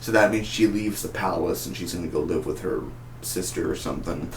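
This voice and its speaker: A man giving a casual spoken review of a TV episode, excitable and rambling, often repeating and restarting his words. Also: low voice, brisk, slight background noise. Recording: echoey home room.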